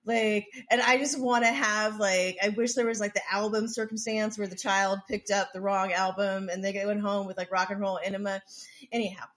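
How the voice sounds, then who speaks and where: A woman's voice: mid-range voice, fairly even intonation, moderate pace, a bit bright. A woman co-hosting a podcast, telling a story in casual chat with lots of swearing, restarts and "like". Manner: profane, rambling, with frequent restarts and "like". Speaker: podcast co-host.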